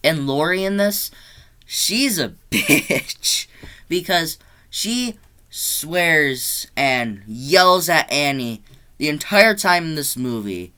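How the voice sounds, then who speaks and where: Bright, clear-voiced man ranting about movies. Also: slow pace. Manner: blunt, animated ranting with rising pitch when exasperated; loose, rambling delivery with restarts. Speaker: movie reviewer. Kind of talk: casual movie review vlog.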